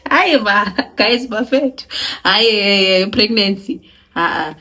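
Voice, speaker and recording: A young South African woman with a South African accent, telling her own story in a casual, animated vlog, laughing and switching between languages. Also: medium pitch, slow pace. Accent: South African (Sesotho-speaking). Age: young adult. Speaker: vlogger.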